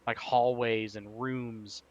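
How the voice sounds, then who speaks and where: A man's voice: mid-range voice, little pitch movement, slow, muffled recording. A man co-hosting a casual live stream chat, rambling through game news with lots of fillers and laughs.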